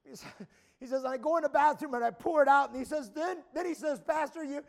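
A man preaching a sermon at a camp meeting, retelling a story with frequent stammering restarts and rising to shouts. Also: very high voice, fast talker, vocal fry. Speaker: pastor.

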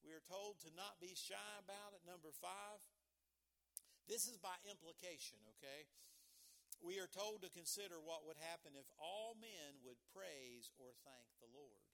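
A male pastor preaching a sermon, swinging from bursts of shouting to hushed, low asides. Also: moderate pace, creaky.

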